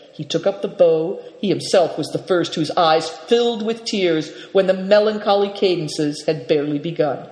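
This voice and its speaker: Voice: medium pitch, darkish tone. A storyteller reading a book aloud expressively, doing voices for the characters. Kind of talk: storybook narration. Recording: reverberant, echoey room.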